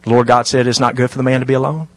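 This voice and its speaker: A middle-aged man preaching a sermon, animated and lively, dropping to hushed, intimate asides. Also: medium pitch, very fast, no room sound. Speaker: pastor.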